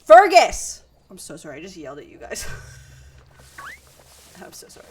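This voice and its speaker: A woman streaming, chatting casually with her viewers and breaking off to yell at her cat. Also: sits low, racing. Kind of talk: casual live-stream chat. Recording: distant mic with noise.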